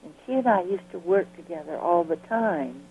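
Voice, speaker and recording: A woman's voice: fairly low pitch, moderate pace, a little hiss or hum. An older woman from the Southern United States telling stories from her life in an interview, acting out the voices of people she met. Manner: lively storyteller who acts out quoted dialogue. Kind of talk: storytelling reminiscence. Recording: tinny phone-like line.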